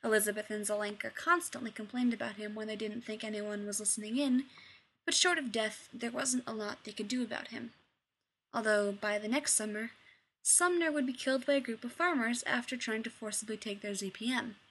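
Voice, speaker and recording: A woman reading fiction aloud in a lively, expressive narrating voice. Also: fairly high pitch, a little hiss or hum. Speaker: story reader.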